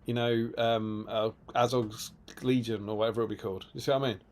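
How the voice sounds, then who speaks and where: A man's voice: medium pitch, flat delivery, a little fast, darkish tone. A man co-hosting a live stream, chatting casually and telling rambling stories with many restarts. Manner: rambling, self-interrupting storyteller, reads chat aloud. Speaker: stream co-host.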